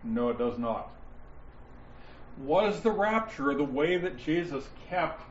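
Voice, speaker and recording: A man teaching a Bible study class, explaining points deliberately and stressing key words, with listeners answering him. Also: fairly high pitch, very animated, slight background noise. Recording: roomy, dull lo-fi sound with faint ambience.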